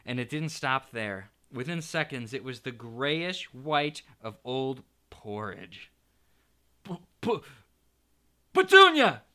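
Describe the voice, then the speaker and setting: A man reads a children's storybook aloud with playful expression. His voice is bright and swings widely in pitch as he tells the story. It has the feel of a teacher reading to a class. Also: animated, slow, hardly any pauses, clean tone.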